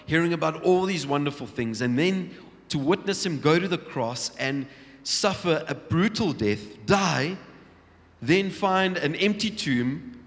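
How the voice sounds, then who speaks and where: A man preaching a sermon, telling Bible stories with lively acted-out scenes and frequent restarts. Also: fairly high pitch. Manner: storytelling, acting out Bible scenes, many restarts. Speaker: pastor. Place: large church hall. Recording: long church hall reverb.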